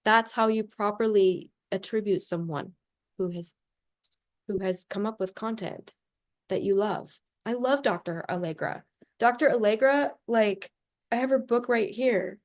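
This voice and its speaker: A life coach speaks straight to camera in a casual vlog, blunt and passionate, swearing and saying "like" a lot. Her mid-range voice moves a little slowly.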